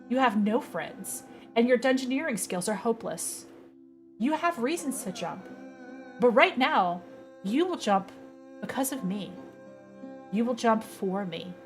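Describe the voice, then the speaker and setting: A woman reading a game's dialogue aloud, voicing a cruel young woman who taunts her victim in a measured way. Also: medium pitch. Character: cold sadistic young woman tormentor.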